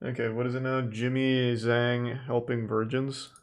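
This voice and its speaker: A man's voice: mid-range voice, little pitch movement, a little slow, a little hiss or hum. A man streaming, making dry, sardonic remarks as he watches videos. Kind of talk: casual stream commentary.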